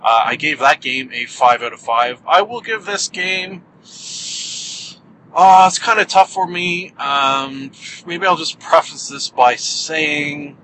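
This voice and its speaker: A man hosts a solo podcast from behind the wheel, chatting casually and cracking wry, self-mocking jokes. His voice sits a little high and sounds bright and sharp. A faint hum of the moving car runs underneath. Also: slow pace, poor audio. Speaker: podcast host. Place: in a car while driving. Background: car engine and road hum.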